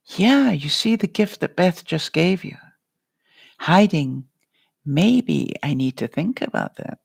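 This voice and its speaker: A woman's voice: sits low, big pitch swings, slow pace, gravelly, darkish tone, breathy edge, no echo. A woman vlogger giving an earnest, encouraging live-stream pep talk and calling viewers by name. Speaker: life coach vlogger.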